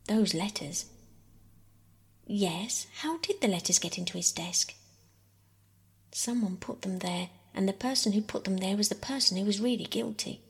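A woman softly voicing a weary, tender mother in a whispered role-play reading. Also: mid-range voice, animated, normal speed, gravelly, long pauses, slightly rough, exaggerated voice. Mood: grave. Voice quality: soft whisper. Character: weary, tender mother, grieving but firm.

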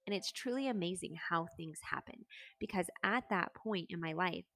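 Young woman, low gravelly voice, candid personal story, dry close sound. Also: normal speed, sharp tone, no room sound. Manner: candid, earnest, with fillers like "like" and "um". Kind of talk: personal story, casual talk.

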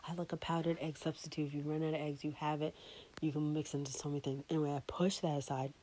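A woman's voice: low-pitched, a little hiss or hum. A woman hosting her own show, telling a rambling personal story and dropping into a whisper for her thoughts. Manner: chatty, often drops into a whisper for inner thoughts. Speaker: podcast host. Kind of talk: casual storytelling.

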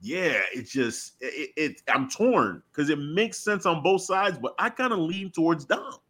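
A man co-hosting a live talk stream in loose, animated casual chat, laughing often. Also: on the high side, unhurried. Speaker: co-host of a wrestling talk stream.

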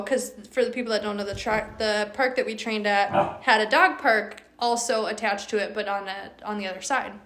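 A young woman hosting a podcast, telling a story in a chatty, animated way with lots of fillers. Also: fairly high pitch, reverberant. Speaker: podcast host. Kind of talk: casual storytelling.

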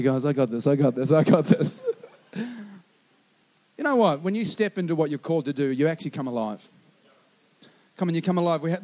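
A man preaching a sermon, telling a lively personal story and urging listeners on. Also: on the high side. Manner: animated storyteller, acting out quotes, exhorting with "come on". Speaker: pastor.

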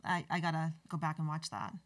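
A woman hosting a casual conversation, speaking thoughtfully with many pauses and ums. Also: deep voice, a crowd in the background. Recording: dry, distant from the mic.

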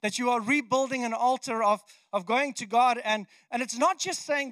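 Male pastor, very high voice, chatty and animated sermon delivery, dry close sound. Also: moderate pace, no room sound. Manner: conversational, animated, frequent restarts.

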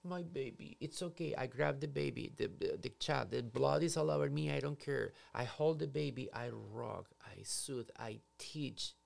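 Male psychotherapist, middle pitch, very gravelly, lively explainer. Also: moderate pace, hardly any pauses. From Latin America. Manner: animated, acts out scenarios in quoted voices. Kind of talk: explanatory conversation.

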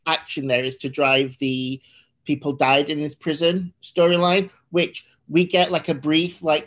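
A woman co-hosting a podcast talks through a film in casual, rambling chat. She restarts her sentences often and gets animated. The audio is a little dull and lo-fi. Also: sits low, normal speed. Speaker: podcast co-host.

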